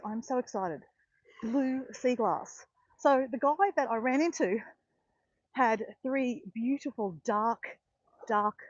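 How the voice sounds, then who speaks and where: A woman chatting excitedly to live viewers on a phone while walking outdoors on a beach. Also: on the high side, slightly rough, no echo. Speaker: walking vlogger on a live stream. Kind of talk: casual chat to live viewers. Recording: dull lo-fi phone audio.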